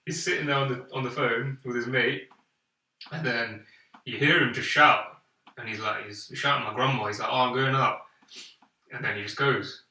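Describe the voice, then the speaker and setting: A man's voice: mid-range voice, normal speed, sharp tone, distant mic. A young man co-hosting a podcast, telling a story in casual chat and acting out quoted lines with animation. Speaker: podcast co-host. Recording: echoey room, off-mic.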